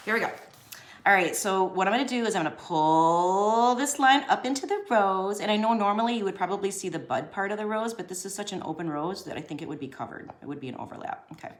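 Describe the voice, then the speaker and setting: A woman's voice: medium pitch, fast talker, reverberant. A woman giving a casual drawing lesson as she sketches. She talks in a chatty, slangy way and laughs often. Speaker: drawing teacher.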